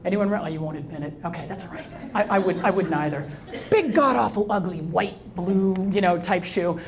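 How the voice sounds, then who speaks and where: Middle-aged woman, live talk to an audience, animated storyteller, faint rumble underneath. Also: a little fast. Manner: lively storyteller who acts out dialogue and quizzes the audience. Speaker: speaker.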